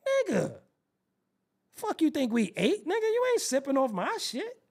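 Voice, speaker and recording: A man hosting his show, telling a comedic, profane story in an animated way and acting out the quoted voices. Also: very high-pitched, unhurried. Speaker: show host.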